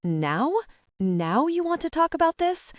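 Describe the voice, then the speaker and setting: A woman's voice: high voice, sing-song, measured pace, dry recording, clean studio sound, voice pushed up. A woman voicing a hurt young woman who accuses her boyfriend, tearful and upset.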